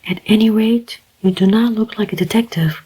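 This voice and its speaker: A narrator raising the voice to play a warm, smiling young woman, as whispered role-play. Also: medium pitch, normal speed, slightly rough, pitched above the performer's own voice, close to an everyday voice, poor audio. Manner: warm, light.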